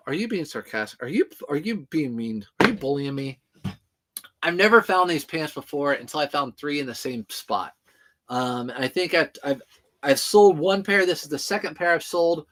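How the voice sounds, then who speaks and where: A man's voice: a little high, bright, forceful tone. A man in his thirties, a reseller chatting casually on a livestream while packing orders and answering viewer questions. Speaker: eBay reseller streaming to viewers.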